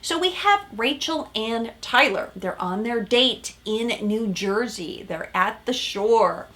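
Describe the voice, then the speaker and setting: Animated woman therapist recapping TV. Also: on the high side, slow pace. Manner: animated, emphatic, with many "right?" asides. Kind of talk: casual commentary on a reality show.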